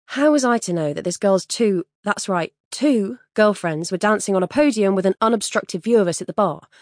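A woman's voice: mid-range voice, expressive, moderate pace, no room sound, clean studio sound, natural voice. A woman voicing a weary, self-deprecating young woman, talking wryly and frankly about her night out. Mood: exasperated. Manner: wry and frank.

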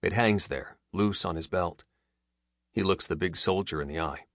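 A man narrating a story in a measured, even way, as an audiobook reader. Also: low-pitched, no echo, studio quality. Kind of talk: scripted narration.

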